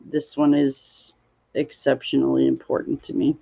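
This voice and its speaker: Speaking at an extremely low pitch with vocal fry, a level tone, and a slightly mellow quality, a tired woman runs a casual crafting stream. She yawns, rambles slowly, greets viewers, and reads chat aloud, all in dull lo-fi audio.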